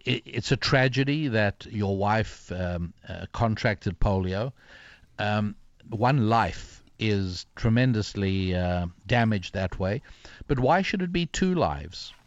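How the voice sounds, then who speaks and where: A man's voice: fairly low pitch, lively intonation, slow pace, dry recording. Older guy telling a long story in an interview, lots of uhs, kinda muffled dry sound. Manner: reflective, many fillers and restarts. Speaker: author and guest.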